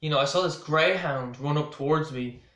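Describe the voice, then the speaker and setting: A man's voice: fairly high pitch, moderate pace, a bit bright. A man with an Irish accent telling a story to camera in a rambling way, full of restarts and asides. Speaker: vlogger. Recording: roomy echo.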